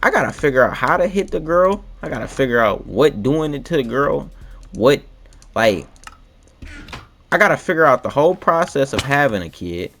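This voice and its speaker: A man's voice: medium pitch, a bit bright. A young man rambling in slangy, laid-back chat while playing a video game late at night. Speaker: gaming vlogger.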